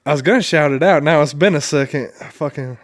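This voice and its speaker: A man's voice: on the high side, a little fast, dry recording, studio quality. A man co-hosting a podcast, chatting casually and telling rambling stories, swearing freely. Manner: loose, profanity-heavy, rambling. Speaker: podcast co-host. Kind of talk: casual chat and storytelling.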